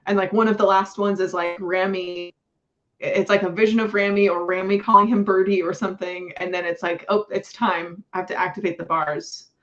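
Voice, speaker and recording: Host, female, gushing filler-heavy book talk, slightly muffled audio, mid-pitched. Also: flat delivery, brisk, a bit bright. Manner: gushing, filler-heavy, laughs between lines. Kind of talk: casual book discussion.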